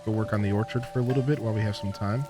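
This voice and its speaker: A man's voice: on the low side, fairly even intonation, very fast, over music. Rambling casual gaming streamer, man. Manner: rambling storyteller, lots of fillers and laughs. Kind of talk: casual gameplay commentary.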